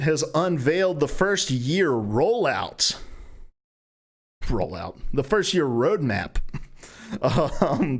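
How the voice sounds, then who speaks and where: A young adult man hosting a gaming news rundown, talking casually and profanely and acting out imagined conversations as he reads the news. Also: fairly high pitch. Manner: profane, animated storytelling, acting out imagined dialogue. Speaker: host of a gaming news show.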